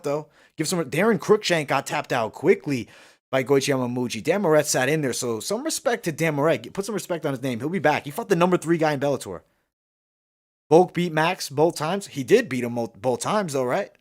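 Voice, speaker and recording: A man hosting a live fight-night stream, chatting with viewers and ranting heatedly about the judging, with lots of swearing. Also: mid-range voice. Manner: reads and answers viewer comments. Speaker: livestream host. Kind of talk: live fight commentary chat.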